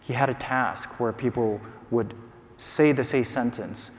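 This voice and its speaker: A man's voice: medium pitch, steady tone, a little hiss or hum. Man lecturing in a reverberant hall. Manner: measured, explanatory, with frequent ums and uhs. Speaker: neuroscientist giving a prize lecture. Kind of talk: academic lecture. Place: large conference hall.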